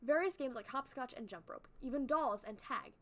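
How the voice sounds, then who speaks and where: A young adult woman streamer reading a story aloud on a live stream, chatting with viewers between passages in a playful, animated way. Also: high-pitched, normal speed.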